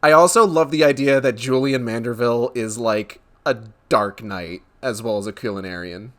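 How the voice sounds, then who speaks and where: A young man giving let's play commentary, talking in an excited, laughing, emphatic way. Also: medium pitch, moderate pace. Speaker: streamer.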